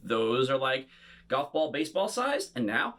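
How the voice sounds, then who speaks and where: Animated, playful bubble-show man. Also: medium pitch, measured pace. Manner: playful, talks to unseen young audience; animated and showy. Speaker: children's bubble performer. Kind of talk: interactive kids' show.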